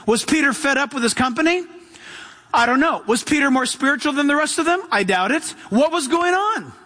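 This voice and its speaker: Male preacher with a very high voice, emphatic sermon delivery and a long hall echo. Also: expressive, brisk, pushed and bright. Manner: emphatic, with rhetorical questions and calls to the congregation.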